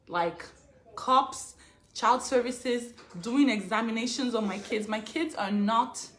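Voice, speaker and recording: A woman's voice: on the high side, takes it slowly, fairly bright tone, slight background noise. A young woman from Africa speaking straight to her viewers in an emotional vlog, indignant and repeating herself as she builds to defiant outbursts. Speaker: vlogger. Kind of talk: emotional direct-to-camera vlog.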